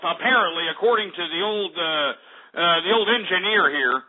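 Ranting husky-voiced man on tinny radio. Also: sits high, lively intonation, moderate pace. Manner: profane, ranting, exasperated. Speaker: radio talk show host. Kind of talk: angry call-in show rant. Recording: tinny phone-quality internet radio with music.

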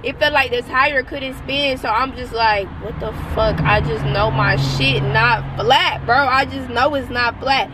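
A woman's voice: a little high, a little slow, few pauses, background noise. Tearful young woman ranting in a car. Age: young adult. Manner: frustrated, profane, rambling. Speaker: vlogger. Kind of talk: casual vlog rant. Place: parked car by roadside.

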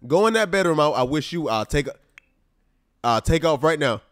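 This man's voice is on the high side and moves at normal speed. He's a gaming YouTuber doing casual, exasperated let's-play commentary on a life-simulation game, animated and calling his viewers "y'all" as he speaks straight to them. Clean studio sound, dry recording.

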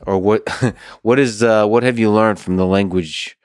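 A man hosting a podcast interview, soft-spoken, asking halting questions and laughing often. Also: lowish voice, fairly even intonation, clear, resonant tone, no room sound, clean studio sound. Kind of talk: interview conversation.

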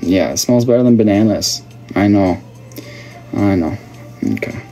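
Unhurried and mellow, this man's lowish voice leads a casual livestream over soft background music. He reads viewer comments and chats and jokes with the audience.

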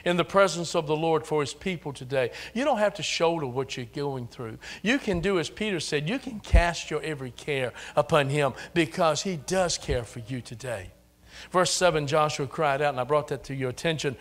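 Older preacher man, bright voice. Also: fairly high pitch, animated, moderate pace. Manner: preaching with rising, repeated exhortations. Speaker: pastor. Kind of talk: sermon. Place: church sanctuary.

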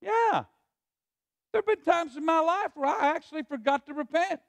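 Male pastor, high-pitched and lively, leads a call-and-response sermon, dry close sound. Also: moderate pace, gravelly, no room sound. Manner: preacher who prompts the congregation to repeat lines; drops to a hushed voice on asides, rises on scripture. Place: church sanctuary.

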